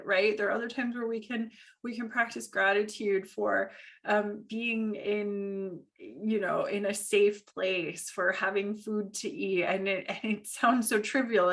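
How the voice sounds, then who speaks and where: A woman with a stuffed-up cold, leading a yoga class over a video call with gentle, reassuring instructions. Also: mid-range voice. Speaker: yoga teacher.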